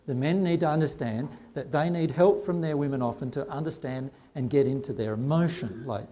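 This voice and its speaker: A man's voice: mid-range voice, a little fast, mellow, a little hiss or hum. A man giving an earnest seminar talk to a live audience, often checking in with "right?". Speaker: spiritual teacher.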